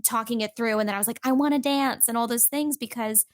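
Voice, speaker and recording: Woman guest on a chat podcast: slightly high, chatty, talks in loose filler-laden runs, dry mic. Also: fairly even intonation, fast talker, no room sound. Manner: chatty storyteller, many fillers like "like".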